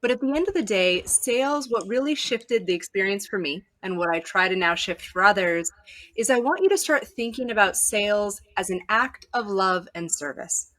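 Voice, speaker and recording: Woman sales coach on a talk show, super bright voice, really into it and passionate. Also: medium pitch, lively intonation, moderate pace. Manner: enthusiastic, passionate, emphatic. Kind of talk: conversational interview.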